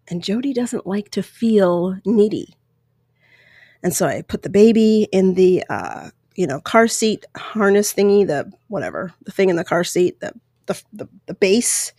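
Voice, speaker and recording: A woman's voice: mid-range voice, expressive, a little slow, a little mellow, dry recording, clean studio sound. Candid woman telling a personal story. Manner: candid, emotional, rambling with restarts. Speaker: podcast host. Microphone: close microphone.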